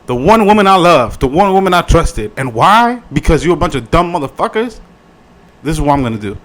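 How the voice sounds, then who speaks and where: A man voicing a vengeful male vampire lord who threatens a whole town, loud and profane. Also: fairly high pitch, very animated, brisk. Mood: furious threatening.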